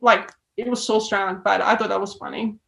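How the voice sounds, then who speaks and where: A woman's voice: medium pitch, steady tone, normal speed, creaky, a bit bright, poor audio. A woman with an Australian accent, a filmmaker guest chatting casually and acting out the reactions she quotes. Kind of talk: casual interview chat.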